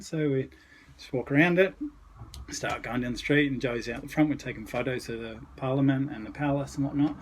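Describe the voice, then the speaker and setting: A man's voice: medium pitch, normal speed, a little hiss or hum, low-quality recording. An Australian man, a podcast guest, casually telling rambling travel stories with mild swearing. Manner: laid-back, rambling anecdotes with mild swearing. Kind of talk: casual storytelling.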